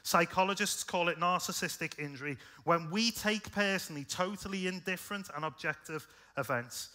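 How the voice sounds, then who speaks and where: A British man preaching a sermon, conversational and earnest, rising in force then dropping soft. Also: sits high, moderate pace. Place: church.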